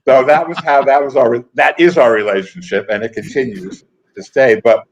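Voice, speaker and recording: Older male guest, wry raconteur, dull lo-fi sound, casual interview storytelling. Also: medium pitch. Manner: anecdotal, wry, quick asides with laughs. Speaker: guest, comedy writer and actor. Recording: dull lo-fi audio.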